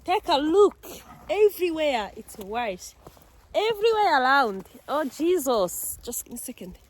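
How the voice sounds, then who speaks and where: A woman's voice: high voice, very animated, normal speed. A young woman with a Rwandan accent filming a casual vlog outdoors in the snow with her son, coaxing him along, mixing English with Kinyarwanda and laughing often. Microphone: phone camera.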